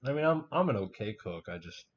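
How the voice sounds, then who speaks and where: A man's voice: lowish voice, big pitch swings, a little fast, a little hiss or hum. A man hosting a casual podcast chat, rambling and swearing freely with lots of fillers. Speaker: podcast host. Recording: muffled lo-fi home recording.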